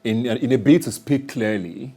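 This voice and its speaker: A man's voice: medium pitch, moderate pace, mellow. A man hosting a panel discussion, asking probing questions. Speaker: talk show host.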